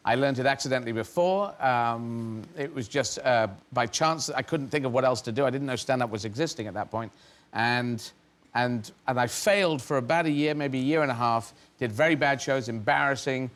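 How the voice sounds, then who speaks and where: A man's voice: mid-range voice, brisk, a bit bright. A middle-aged man from England, a comedian as interview guest, telling rambling, self-mocking stories and laughing mid-sentence. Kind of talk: anecdotal storytelling.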